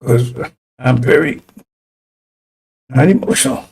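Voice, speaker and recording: Gravelly, husky man preaching fiery. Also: medium pitch, takes it slowly, darkish tone. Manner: rambling, fiery, repeats and restarts phrases. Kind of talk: broadcast sermon.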